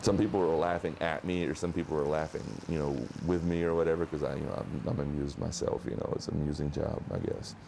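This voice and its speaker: Young guy from south arkansas, real low gravelly voice, rambling and joking at himself, bit of hiss in the background. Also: steady tone, fast, hardly any pauses, dark tone. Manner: laid-back, rambling, self-mocking. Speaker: interviewee, costumed sign waver. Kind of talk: documentary interview.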